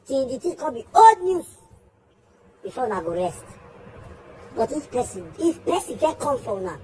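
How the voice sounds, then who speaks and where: A woman's voice: high voice, sing-song, normal speed, dark tone, slight background noise. A Nigerian woman giving an emphatic, scolding spoken message, firing off repeated questions. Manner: scolding, defending a friend. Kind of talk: casual spoken message to the camera.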